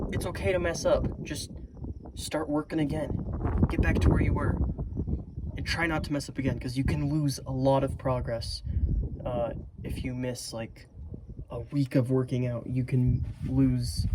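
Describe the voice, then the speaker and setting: A man giving a casual, earnest motivational talk to camera, rambling with many fillers and restarts. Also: medium pitch. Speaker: self-improvement vlogger. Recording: loud vehicle noise behind.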